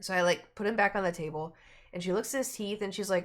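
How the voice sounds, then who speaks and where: A fast-talking woman streamer, her intonation fairly even, rambles casually through a long story. She brings the people in it to life, raising her pitch whenever she quotes them.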